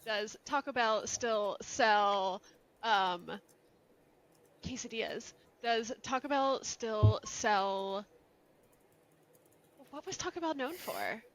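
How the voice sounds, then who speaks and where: A woman's voice: on the high side, slow, pauses often, fairly bright tone. A woman from Canada, a podcast guest playing a guessing game in casual chat, giggly and self-deprecating.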